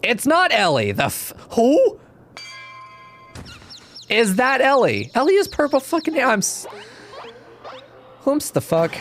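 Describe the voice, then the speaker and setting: A man's voice: sits high, huge pitch swings, normal speed, creaky, long pauses. A man casually commenting while playing a story game, laughing often and swearing freely. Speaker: game streamer. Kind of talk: casual let's-play commentary.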